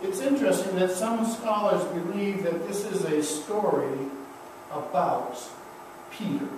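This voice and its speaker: Male pastor, high voice, slow deliberate sermon delivery, distant mic in a booming church. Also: very echoey, background noise. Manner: slow, emphatic preaching with repeated refrains. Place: church sanctuary.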